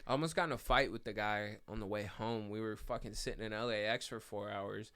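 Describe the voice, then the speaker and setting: A man's voice: lowish voice, fairly quick, clean tone. A man co-hosting a podcast in casual chat, telling stories loosely and swearing constantly. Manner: profane, animated storytelling. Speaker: podcast co-host.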